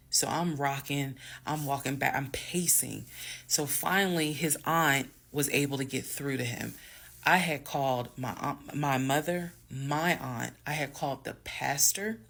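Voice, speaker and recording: Animated gravelly woman telling a story. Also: rumbling low. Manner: dramatic, animated storytelling with acted quotes. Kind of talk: storytime vlog.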